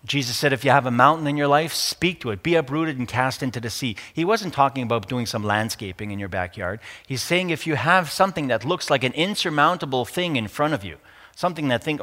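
A man's voice: medium pitch, lively intonation, fairly quick, pushed and bright, long reverb tail. A man giving an informal sermon, conversational and playful, acting out short exchanges of dialogue in different voices. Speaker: preacher.

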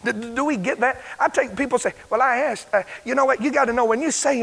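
A male pastor preaching a fervent sermon, shouting his points and dropping to a hush to tell a story. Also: very high-pitched, fast talker, gravelly, few pauses, poor audio. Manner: fervent, swings from loud shouting to hushed storytelling.

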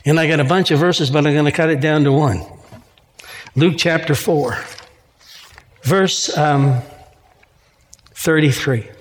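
A man's voice: fairly high pitch, unhurried, pauses often, in a large hall. A man preaching a sermon in a church, reading scripture and mixing in casual asides and jokes. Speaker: pastor.

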